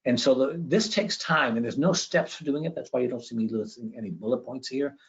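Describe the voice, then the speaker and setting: A man giving an educational presentation with slides, conversational and often checking in with a quick "okay?". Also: medium pitch. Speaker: education speaker. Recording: dull lo-fi recording.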